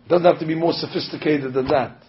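A man, a rabbi, preaching a sermon with animated storytelling, acting out the voices he quotes. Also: on the high side, fast talker, a little hiss or hum. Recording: dull lo-fi recording.

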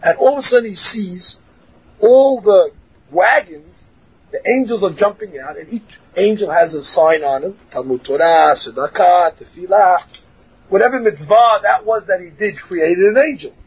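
A man with a high, very husky voice teaches a religious class as a storyteller, jumping into voices and shouting lines for effect. The recording is muffled and lo-fi. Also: moderate pace. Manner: animated, acts out voices and shouts for emphasis.

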